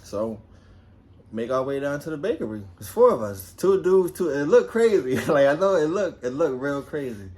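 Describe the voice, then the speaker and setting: A young man from New Jersey telling a personal story in a casual, animated way, swearing freely and acting out quotes in a raised voice. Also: a little high, moderate pace.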